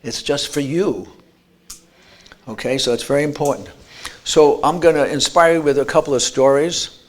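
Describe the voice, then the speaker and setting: A man's voice: fairly high pitch, normal speed. A man giving an earnest motivational talk at an expo, telling stories and restarting words. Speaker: speaker. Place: expo lecture room.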